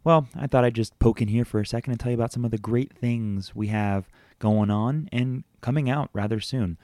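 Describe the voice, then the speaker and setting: A friendly game master runs through podcast news in an easygoing, jokey manner. He sits at a middle pitch, and the sound from his home basement is dry and close. His delivery stays loose and conversational. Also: fairly quick, mellow, dry recording. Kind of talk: casual podcast announcements.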